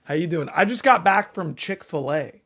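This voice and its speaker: A man hosting a casual livestream, reading viewers' names aloud and chatting in an excitable, profane way. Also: on the high side, normal speed. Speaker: livestream host.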